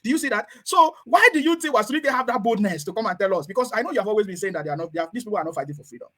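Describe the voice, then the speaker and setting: Quick, high-voiced male host. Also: expressive, sharp tone. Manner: rapid, questioning, prompting guests. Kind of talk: online discussion hosting.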